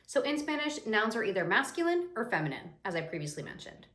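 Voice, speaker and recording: A young woman teaches in a casual, lively way, chatting to her viewers. Her voice sits at a middle pitch. The room around her adds a clear echo. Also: fast. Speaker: Spanish teacher. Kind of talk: casual explanatory lesson. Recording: echoey room.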